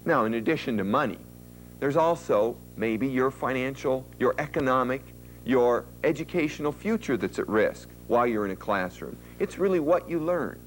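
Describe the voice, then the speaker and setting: A man's voice: mid-range voice, animated, normal speed, slight background noise, poor audio. A man giving an instructional talk to an audience, conversational and emphatic, often asking questions. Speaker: lecturer.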